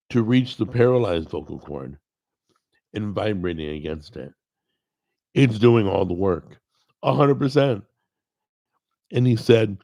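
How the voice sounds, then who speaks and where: A middle-aged man hosting a cooking show, chatting casually at his desk microphone, with a gravelly, strained voice from a paralyzed vocal cord, rambling and self-deprecating. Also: mid-range voice, warm tone. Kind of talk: casual chat to camera. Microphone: desk microphone recorded over a video call.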